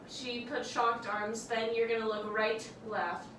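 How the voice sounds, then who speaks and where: A woman's voice: on the high side, flat delivery, unhurried, a bit bright, far from the mic. A young woman teaching a dance tutorial, upbeat and encouraging as she talks through and counts out the steps. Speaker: dance instructor. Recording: roomy, from off-mic, audible background noise.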